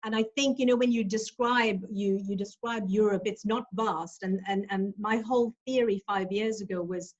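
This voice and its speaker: A woman from South Africa speaks earnestly in conversation, pausing to restart her thoughts. The recording is somewhat dull and lo-fi. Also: mid-range voice, fairly even intonation. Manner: earnest, halting with restarts and fillers in chat. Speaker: guest. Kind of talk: reading her own essay, then casual chat.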